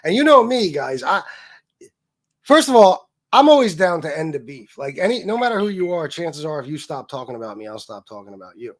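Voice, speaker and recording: A man's voice: on the high side, very animated, brisk. Blunt, profane man hosting a livestream. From Sicilian heritage. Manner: profane, blunt, reads donor messages aloud. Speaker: livestream host. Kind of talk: casual livestream chat.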